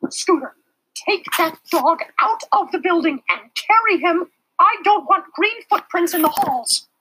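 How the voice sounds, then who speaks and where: A storybook reader voicing a fretful woman schoolteacher, high and fussy. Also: measured pace, sharp tone, exaggerated voice, low-quality recording. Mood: firm.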